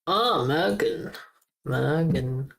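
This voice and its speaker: A streamer practising German pronunciation on a live stream, slowly repeating words over and over with chuckles and the odd mild swear. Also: medium pitch, lively intonation, gravelly, a bit bright.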